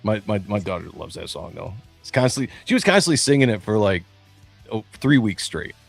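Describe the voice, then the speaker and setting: A man's voice: lowish voice, sing-song, a little fast, creaky, breathy edge, soft background music. A man in his forties hosting a livestream in casual chat, rambling with many fillers and restarts over a remote call. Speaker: livestream host. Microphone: remote call over a streaming studio.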